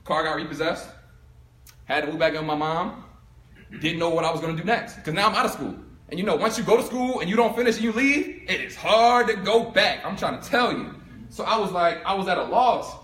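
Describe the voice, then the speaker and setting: A young man from Philadelphia giving a storytelling talk to a live audience, animated and acting out both sides of his story. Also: high-pitched, fairly quick. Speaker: speaker giving a talk on income. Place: room with an audience. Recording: echoey room.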